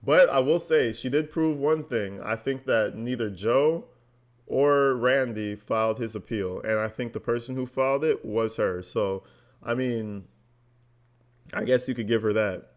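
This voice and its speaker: A man's voice: mid-range voice, a little slow. Sarcastic, blunt male commentary vlogger. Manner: sarcastic, blunt, swears freely. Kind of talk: reacting while reading text messages aloud.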